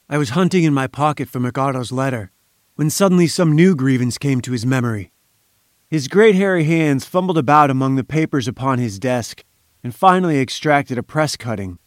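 A man reading an audiobook in measured, even scripted narration. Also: medium pitch, no echo, studio quality.

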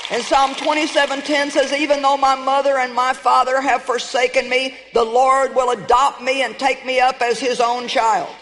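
High-voiced woman preaching in a hall. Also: little pitch movement, normal speed, few pauses, fairly bright tone, slight background noise. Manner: emphatic, conversational preaching with rising exclamations. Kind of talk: sermon.

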